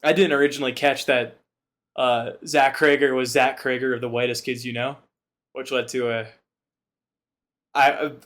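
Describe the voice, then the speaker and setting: A man cohosting a podcast, chatting casually and retelling a film in a rambling, profane, animated way. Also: medium pitch, moderate pace, pauses often. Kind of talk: casual chat.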